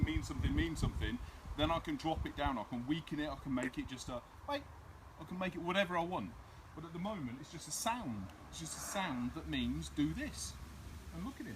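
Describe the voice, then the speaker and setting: Lively man training a dog. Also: a little high, fairly quick, a little hiss or hum. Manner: gives short commands in a firm commanding tone. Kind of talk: outdoor training demonstration.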